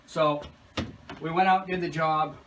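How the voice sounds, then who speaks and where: A chimney sweep with a fairly high-pitched voice chats casually about his job at a measured pace, telling animated anecdotes as he explains the work. He is recorded from a distance, with outdoor noise behind him.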